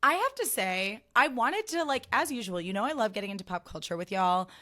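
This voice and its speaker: This solo podcast host, a woman in her thirties, talks briskly and expressively in a high-leaning, sharp voice. She gushes and rambles, heavy on "like" and free with profanity.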